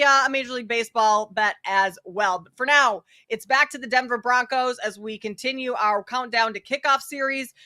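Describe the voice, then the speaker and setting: A woman with a bright, sharp, fairly high voice hosts with brisk presenter polish. Her sound is dry and close. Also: dry recording. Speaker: show host. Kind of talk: hosting a betting show.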